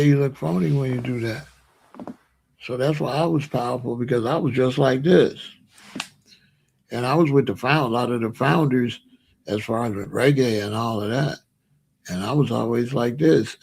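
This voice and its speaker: A faint hiss or hum sits under this American host's medium-pitched, gravelly, slightly mellow voice at a moderate pace. He rambles casually to viewers on his own show, repeating himself and bragging.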